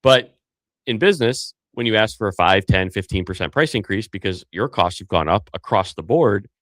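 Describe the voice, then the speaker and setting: A man's voice: on the low side, animated, normal speed, a bit bright, no echo. A man co-hosting a business podcast, giving emphatic casual advice, listing points and rephrasing as he goes.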